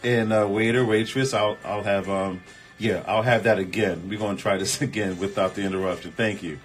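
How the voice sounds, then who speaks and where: A man's voice: on the low side, fairly quick, faint music behind. Emphatic man hosting relationship advice chat. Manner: animated, emphatic, repeats himself, colloquial. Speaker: host. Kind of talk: live-stream advice chat reading comments.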